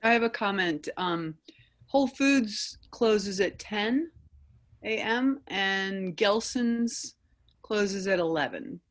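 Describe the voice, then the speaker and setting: A woman's voice: medium pitch, lively intonation, takes it slowly. A woman on a video call in a meeting, raising concerns in a hesitant way.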